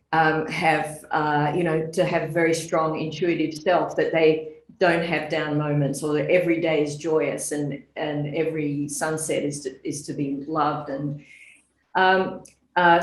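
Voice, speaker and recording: Casting: middle-aged woman host, lower voice, reflective and hesitant, roomy echo on the mic. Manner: thoughtful, hesitant with many fillers. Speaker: podcast host. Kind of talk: interview questions.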